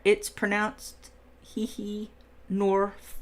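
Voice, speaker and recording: A woman's voice: medium pitch, slow, gravelly, long pauses. Woman, middle-aged, livestream host, leisurely pace, chatty with viewers. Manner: chatty, reads and answers viewer comments while coloring. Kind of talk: casual coloring livestream chat.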